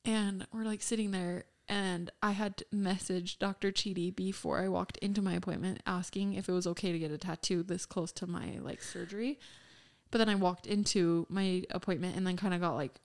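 A woman's voice: mid-range voice, gravelly. A young woman co-hosting a podcast, telling a personal story in casual chat, full of fillers. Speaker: podcast co-host.

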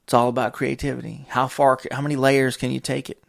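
Gravelly-voiced man rambling on a podcast. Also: medium pitch, little pitch movement, fast. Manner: rambling, tangent-hopping, profane, chuckling often. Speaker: podcast host. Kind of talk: casual solo monologue.

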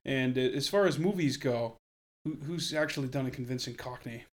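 Podcast host, male, mid-pitched, easygoing rambler with lots of "um"s. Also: fairly quick. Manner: chatty, rambling with fillers. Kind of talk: casual chat.

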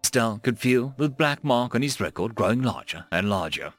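A man's voice: mid-range voice, expressive, moderate pace, dry recording, faint music behind. A man reading a science fiction story aloud as narrator. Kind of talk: scripted narration.

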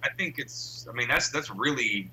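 A man's voice: medium pitch, animated, moderate pace, a loud crowd, low-quality recording. A man in a casual movie discussion, thoughtful and rambling with many restarts.

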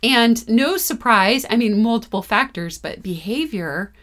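Animated storytelling mother. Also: fairly high pitch, measured pace. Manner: animated storytelling, frequent laughs. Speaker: mother and co-host. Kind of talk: casual conversation.

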